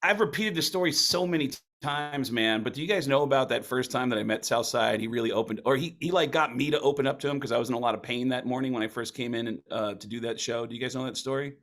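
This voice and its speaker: A man, a comedian guest, telling a story in casual chat with animated delivery and free swearing. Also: mid-range voice, fast, hardly any pauses. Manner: animated, mimics others in stories; swears freely.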